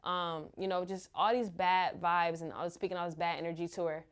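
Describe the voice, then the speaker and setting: A woman, a mother, candidly telling her own story in a halting, open way full of fillers. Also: fairly low pitch, steady tone, clean tone. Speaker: mother sharing her experience.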